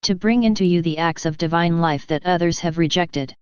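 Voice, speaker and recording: Brief: woman reading Jesus, gentle and earnest, in a solemn devotional reading; smooth, lower voice, lo-fi sound. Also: brisk, no room sound, natural voice. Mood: tender, solemn.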